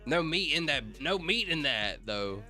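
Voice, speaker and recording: Animated, rambling male streamer. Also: on the high side, unhurried, soft background music. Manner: rambling, joking, reading chat aloud. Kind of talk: casual livestream chat.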